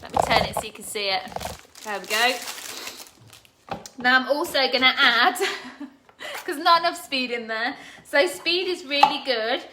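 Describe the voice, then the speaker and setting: Woman, cooking vlogger, casual live chat, slightly high voice, noisy kitchen recording. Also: animated, unhurried. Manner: chatty, laughs often, talks to live viewers. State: teary from chopping onions. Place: home kitchen.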